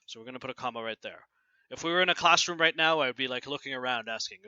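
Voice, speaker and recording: A man teaching a grammar lesson, often asking "right?" and reading example sentences aloud with clear pauses. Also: medium pitch, bright, forceful tone, no echo, lo-fi sound. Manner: keeps asking "right?" to check understanding. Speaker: English teacher.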